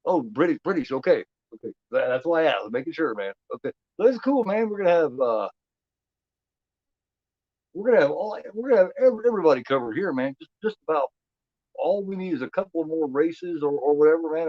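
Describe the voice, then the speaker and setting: A man's voice: a little high, big pitch swings, fairly quick, no echo, muffled recording. A man from Indiana with a Midwestern American accent, hosting a movie watch-along stream in loose casual chat, rambling and repeating his words. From United States.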